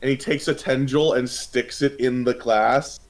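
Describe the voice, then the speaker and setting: A man playing a tabletop game, giggly and excitable, describing his character's actions. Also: medium pitch, measured pace. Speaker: player. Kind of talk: casual tabletop play.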